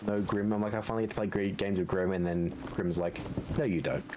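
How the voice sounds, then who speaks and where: A man's voice: fairly low pitch, steady tone, fast, background noise. A man chatting on a live stream, joking and teasing his friends. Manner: teasing, jokey. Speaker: guest co-streamer. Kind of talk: casual live-stream chat.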